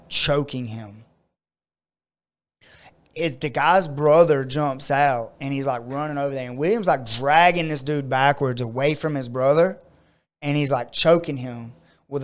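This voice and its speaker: A man telling a long story in casual podcast chat, leaning on "like" and acting out the people in it with sudden loud outbursts. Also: on the high side, clear, resonant tone. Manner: frequent "like" fillers. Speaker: podcast co-host.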